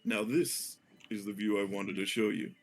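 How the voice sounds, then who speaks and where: A man's voice: lowish voice, fairly even intonation, normal speed, close to an everyday voice. A man voicing a friendly male companion who talks in a chatty, confiding way. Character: friendly male guide showing the sights.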